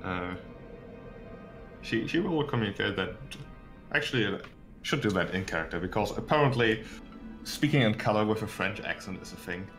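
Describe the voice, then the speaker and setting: Man as game master, hesitant narration, low voice, faint music behind. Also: animated, normal speed, long pauses, fairly bright tone. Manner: hesitant, filler-heavy narration.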